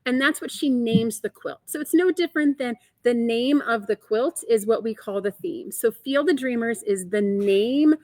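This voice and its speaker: A woman's voice: on the high side, normal speed, hardly any pauses, darkish tone, dry recording, poor audio. A woman hosting a live quilting show, chatty and enthusiastic as she explains the program and answers viewers in the chat. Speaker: host of a quilting shop livestream. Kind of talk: upbeat live product show.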